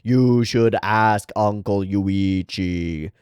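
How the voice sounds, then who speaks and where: A lazy, unhelpful god drawls every word slowly and loudly, as a man puts him on. The delivery is deadpan and unbothered. The sound is dry and close. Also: fairly low pitch, clean tone, no echo, pitched below the performer's own voice. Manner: very slow, drawn-out and loud. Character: deadpan, unhelpful male god, slow and booming.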